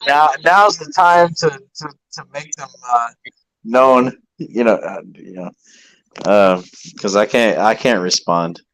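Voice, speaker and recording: A man co-hosting a livestream in casual chat, flustered and swearing, with halting restarts. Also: medium pitch, a bit bright, rough recording. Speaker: livestream co-host.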